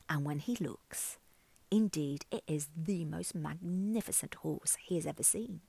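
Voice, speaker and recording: A woman storyteller telling a folk tale aloud in an expressive way and then reflecting on its meaning. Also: sits low, a little slow, gravelly, breathy edge. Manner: expressive, reflective, uses fillers.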